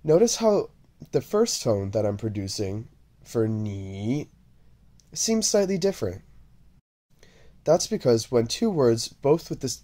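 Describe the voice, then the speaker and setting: A man teaching a language lesson, speaking slowly and deliberately and repeating syllables over and over for the listener to copy. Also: mid-range voice, mellow. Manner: drawn-out, repeated syllable drills. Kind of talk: slow, deliberate lesson narration.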